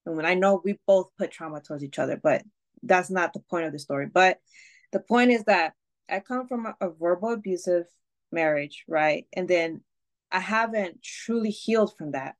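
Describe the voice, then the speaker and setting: A woman's voice: fairly low pitch, normal speed. A woman guest on a podcast, telling a personal story candidly, with swearing, fillers and restarts. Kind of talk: casual storytelling.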